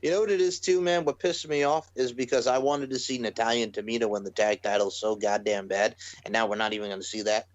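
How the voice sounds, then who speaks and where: A man co-hosting a casual wrestling podcast, excitable and sarcastic. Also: medium pitch, fast, hardly any pauses, no room sound, poor audio. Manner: excitable, sarcastic, swears freely. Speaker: podcast co-host.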